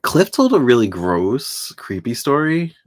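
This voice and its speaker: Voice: mid-range voice, big pitch swings, measured pace. A podcast co-host in a casual recap chat, retelling scenes with quoted voices and frequent laughs.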